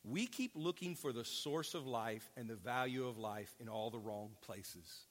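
Animated preacher man in an echoing hall. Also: medium pitch, unhurried. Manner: conversational preaching with rhetorical questions and asides. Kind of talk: sermon. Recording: long reverb of a large hall.

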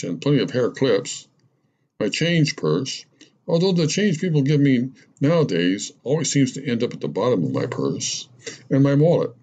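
A man's voice: medium pitch, darkish tone, a little hiss or hum, natural voice. A man voicing a chatty middle-aged woman who rambles through a long list of everything she carries. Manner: rambling, breathless list-making. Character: chatty middle-aged woman listing her purse contents. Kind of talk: storytelling narration.

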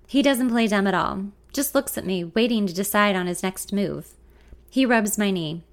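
A woman's voice: mid-range voice, normal speed. A woman reading a first-person story in a confiding, introspective way. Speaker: narrator.

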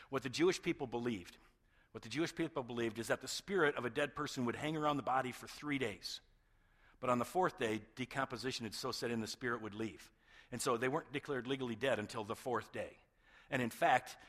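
A man's voice: medium pitch, a bit bright, long reverb tail. A man preaching a sermon as pastor, talking conversationally and often checking in with his listeners. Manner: conversational, checks in with "okay?" and "right?".

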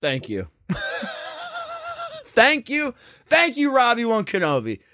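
A podcast co-host chatting casually, animated and swearing, jumping into loud outbursts. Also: mid-range voice, takes it slowly, no echo, clean studio sound. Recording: guitar music behind the voice.

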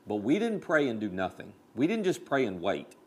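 A male pastor delivers a sermon in an animated storytelling manner. His pitch sits in a middle range but swings widely as he builds toward big points. He speaks directly to his listeners and makes the story feel personal. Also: normal speed, slightly rough.

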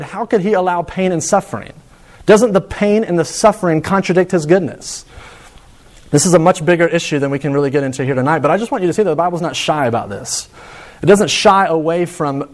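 A young man preaching a sermon in an earnest way, asking rhetorical questions and often restarting his sentences. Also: fairly high pitch. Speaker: pastor.

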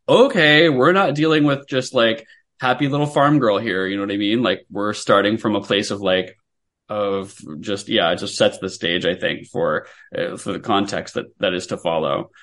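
A man's voice: sits low, steady tone, brisk, fairly bright tone. A man co-hosting a podcast, talking about a book in a wry, rambling way and swearing casually. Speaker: podcast co-host.

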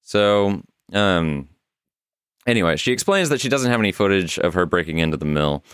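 A man's voice: low voice, expressive, normal speed, a bit bright, smooth, no echo, studio quality. A man co-hosting a podcast, loosely recapping an internet mystery with some swearing and frequent laughs. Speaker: podcast co-host. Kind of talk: casual podcast story recap.

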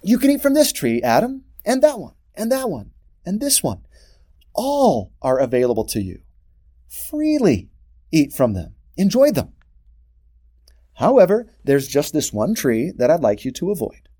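A generous, fatherly God who sweeps his hand across the whole garden, inviting and emphatic, as a man puts him on. The voice rises high and swings widely with each offer. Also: wildly swooping pitch, unhurried, mellow, full character voice.

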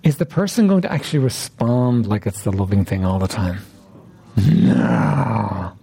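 A man's voice: on the low side, big pitch swings, fairly quick, mellow. A man preaching an interactive sermon, repeatedly questioning his listeners with emphasis.

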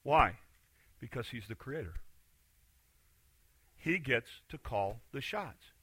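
A male pastor preaching a sermon in a church, animated, acting out the voices he quotes and swinging from quiet to loud. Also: mid-range voice, slow pace, slightly rough, no echo. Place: church sanctuary.

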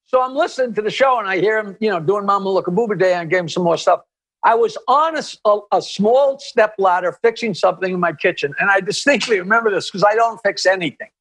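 A male comedian talks as an interview guest, spinning long stories with restarts and asides. His voice sits high for a man. He keeps an animated, tumbling storytelling flow. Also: quick pace.

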